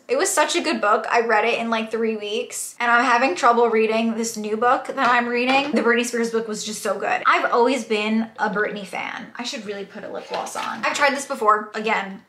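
Chatty young woman, bright echoey room. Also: a little high, a little hiss or hum. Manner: rambling, candid, chatty. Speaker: beauty vlogger. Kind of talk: get-ready-with-me chat.

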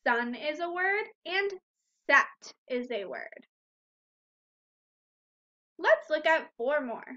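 A woman leads a recorded phonics lesson for first graders, speaking very slowly and sounding out each word and syllable. Her voice is high and bright. The recording is dull and lo-fi. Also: expressive. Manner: slow, deliberate, sounding out words and syllables.

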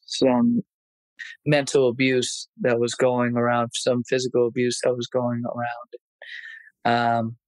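A man in his thirties, a martial arts instructor, telling his life story openly in a casual podcast interview, animated when he retells scenes. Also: medium pitch, dry recording, poor audio.

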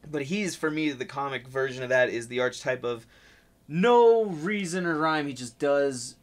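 A man co-hosting a comics podcast in casual chat, animated and swearing often, sometimes acting out lines loudly. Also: mid-range voice, fairly quick. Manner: animated, swears a lot, acts out quotes loudly. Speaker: podcast host.

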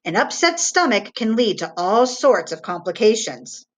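A woman voicing a tall, thin, bald male doctor who speaks slowly and reprovingly. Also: medium pitch, very animated.

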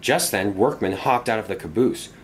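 A man narrating a children's storybook tale in an expressive, animated way. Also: lowish voice, moderate pace, slight background noise.

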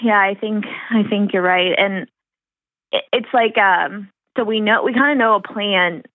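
A woman's voice: medium pitch, unhurried, no echo. Woman caller on a tinny phone line. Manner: earnest, explaining plainly with fillers. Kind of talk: phone call to an advice show.

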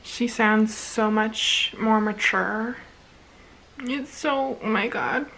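A young woman vlogger reacting excitedly at home, gushing and repeating herself with lots of fillers in casual chat. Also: a little high, slow, gravelly, a little hiss or hum, rough recording.

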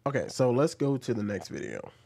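A man's voice: mid-range voice, big pitch swings, a little fast, gravelly, warm tone. A man commentating on video clips, arguing his point and climbing into heated rants. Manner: argumentative, rising into heated ranting.

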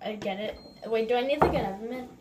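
A woman's voice: on the high side, fast, heavy background noise. Bubbly young woman vlogging in a kitchen. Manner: bubbly, giggly, enthusiastic. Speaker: cooking vlogger. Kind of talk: casual vlog talk to camera. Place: home kitchen.

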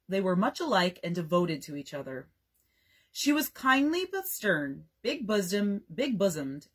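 A young woman librarian reads a bedtime story aloud with a lively, rising and falling voice. Her tone is soft and a little breathy, and she gives each bit of dialogue its own voice. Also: on the low side.

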